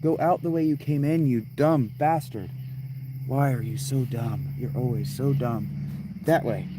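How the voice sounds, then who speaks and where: A man's voice: medium pitch, unhurried, very noisy. Rambling, cussing man streaming a game. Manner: profane, rambling, talks to himself. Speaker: let's play streamer. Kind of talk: casual gaming commentary. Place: tent. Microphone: clip-on mic.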